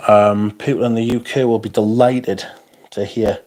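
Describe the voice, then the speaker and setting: A man's voice: fairly low pitch, flat delivery, normal speed, darkish tone. Man, livestream host, tired, yawning, rambling, self-deprecating, reading chat comments. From North East England. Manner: rambling, self-deprecating, frequent yawns and interjections.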